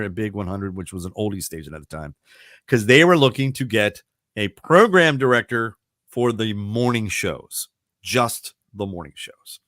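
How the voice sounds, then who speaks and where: Radio guy from the baltimore area, mid pitched, chatty, laughs a lot, dry close sound. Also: a bit bright, no echo. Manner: chatty storyteller, laughs often, many restarts. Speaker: radio broadcaster guest. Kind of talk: casual interview chat.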